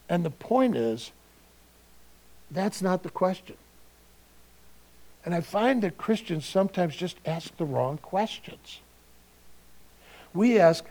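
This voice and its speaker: A male pastor giving a sermon in a relaxed, conversational way, asking his listeners rhetorical questions. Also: high voice, measured pace, long pauses.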